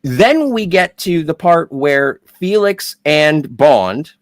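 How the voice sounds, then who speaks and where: A man with a lively, swooping voice reacts eagerly on a podcast. His voice sounds close and dry, with no room sound. His pace keeps shifting as he works through his opinions. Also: on the high side, slow, no echo. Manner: animated, jumps in with reactions and opinions. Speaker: podcast co-host. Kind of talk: casual podcast chat.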